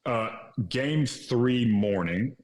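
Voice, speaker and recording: A man in his thirties from Illinois, a podcast guest telling a story in an animated, casual way and often laughing. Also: mid-range voice, drawn-out words. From Illinois, USA. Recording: echoey room.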